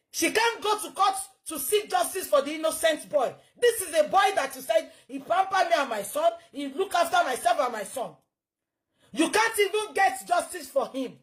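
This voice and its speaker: A woman with a Nigerian Yoruba accent, scolding and mocking in heated commentary. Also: extremely high pitch.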